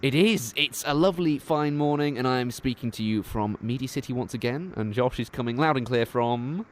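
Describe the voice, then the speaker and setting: A man's voice: medium pitch, a little fast, slight background noise. A young man hosting a casual review podcast, chatty with many fillers. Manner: chatty, hesitant fillers, laughs often. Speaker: podcast host.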